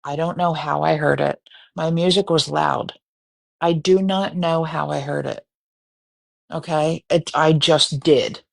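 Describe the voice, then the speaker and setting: Gravelly woman telling a story. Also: deep voice, unhurried. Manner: animated, profane, breaks into screaming reenactments. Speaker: live stream host. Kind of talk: casual storytelling.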